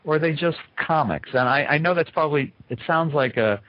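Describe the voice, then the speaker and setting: A man's voice: fairly high pitch, brisk. A man hosting a podcast interview, talking casually with lots of hesitant fillers and a playful, teasing manner. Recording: muffled dry lo-fi audio.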